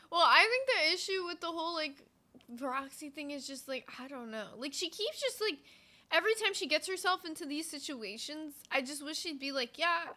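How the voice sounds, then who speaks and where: A woman's voice: high-pitched, lively intonation, moderate pace, pushed and bright. A woman co-hosting a casual livestream, giggling and hedging with lots of fillers. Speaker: stream co-host.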